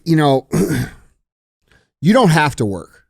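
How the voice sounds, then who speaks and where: A man speaks as a guest on a podcast, with a voice a bit higher than most men's. He talks brashly and casually, with lots of slang and swearing. The recording is close and completely dry. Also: big pitch swings, extremely slow, creaky, a little mellow, husky, no echo. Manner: brash and casual, says dude and bro, swears often.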